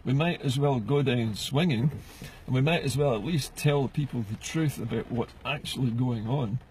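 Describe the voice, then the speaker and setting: A man's voice: mid-range voice, normal speed, darkish tone, a little hiss or hum, low-quality recording. A middle-aged Scottish man ranting passionately from inside a car, firing off rhetorical questions as a political vlogger. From Scotland. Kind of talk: ranting to camera.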